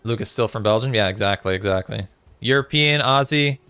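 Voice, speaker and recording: A man's voice: lowish voice, fairly quick, pushed and bright, clean tone, no echo. A man chatting casually with viewers on a live gaming stream, reading out chat messages with lots of fillers. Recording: faint music behind.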